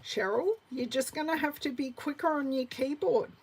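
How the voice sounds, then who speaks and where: A woman in her forties with an Australian accent, chatting through a live card-making class, answering viewers by name and muttering softly to herself as she works. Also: high voice, moderate pace, rough recording. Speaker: craft demonstrator.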